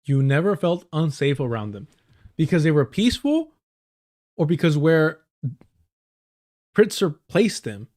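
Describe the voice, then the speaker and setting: A man's voice: fairly high pitch, very animated, a little slow, long pauses, darkish tone. A man reacting to clips on a live stream in a sarcastic, profane, ranting way, from an indoor room. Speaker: political streamer.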